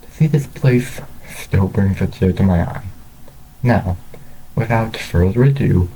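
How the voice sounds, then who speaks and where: A man's voice: sits low, a little slow, dark tone, a little hiss or hum, rough recording. A man voicing a formal, welcoming restaurant owner with polite, courteous speech.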